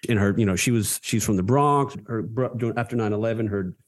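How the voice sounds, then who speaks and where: A man's voice: on the low side, fairly quick. A man interviewing a veteran, asking short questions and sharing his own related research. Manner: brief reactions and questions.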